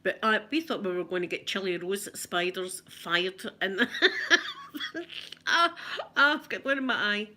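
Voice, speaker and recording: A middle-aged Scottish woman tells rambling, giggly anecdotes in a casual ASMR chat. Her voice is bright and forward, with a lively, chatty delivery. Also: medium pitch, unhurried. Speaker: ASMR vlogger.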